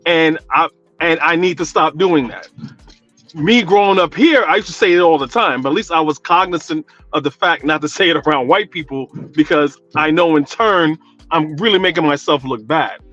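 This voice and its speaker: This man's voice sits on the high side, a bit bright, at a moderate pace, with lo-fi sound and faint music in the background. Calling in to a radio talk show, the New Yorker of Guyanese descent talks casually and at length, full of fillers.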